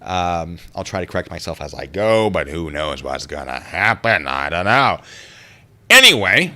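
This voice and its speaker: A man with a fairly low voice talks casually to his livestream audience. He rambles, catches himself mid-sentence and drifts off to read comments aloud, then picks the thread back up. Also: big pitch swings, moderate pace, pushed and bright. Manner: rambling, easily distracted, reads chat aloud.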